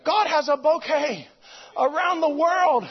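A man preaching a sermon to his congregation, swinging between loud exclamations and quiet, low passages. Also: a little slow. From United States. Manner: animated preaching, swings between shouting and hushed. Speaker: pastor. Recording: dull lo-fi recording.

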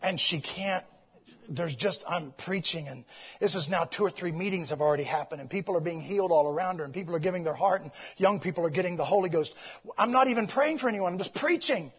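A man preaching, moving from shouted exclamations to hushed storytelling and repeating his phrases. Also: high-pitched, quick pace, slightly rough, dull audio. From United States. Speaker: visiting preacher. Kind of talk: sermon storytelling.

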